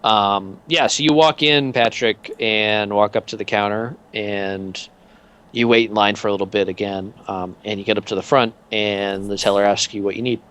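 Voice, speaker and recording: A man's voice: fairly low pitch, fairly even intonation, moderate pace, fairly bright tone, smooth. A man narrating as game master in a tabletop game, in a loose, filler-heavy way.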